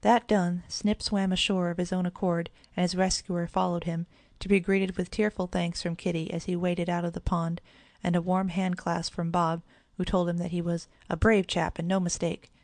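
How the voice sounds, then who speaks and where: A woman narrating a children's audiobook in an even, clear storytelling manner, close to the mic. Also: on the low side, moderate pace, no echo.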